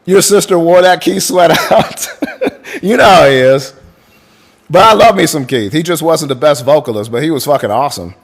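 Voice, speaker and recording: A man's voice: fairly high pitch, a little fast. A man hosting a livestream in casual chat, swearing freely and hyping up viewers as he thanks them by name. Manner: breaks into crooning song lines. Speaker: livestream host.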